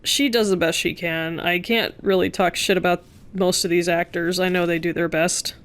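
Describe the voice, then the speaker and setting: A woman's voice: lowish voice, steady tone, normal speed, fairly bright tone, clear, resonant tone. A woman commenting on a video game, making joking, sarcastic asides. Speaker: let's play streamer.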